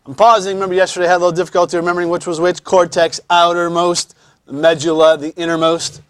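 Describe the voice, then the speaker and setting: A man lectures a class in a high, chatty voice, stopping now and then to explain terms. The sound is close and dry. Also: level tone, fairly bright tone, clear, resonant tone, dry recording. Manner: conversational, repeats words, frequent pauses to explain. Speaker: teacher.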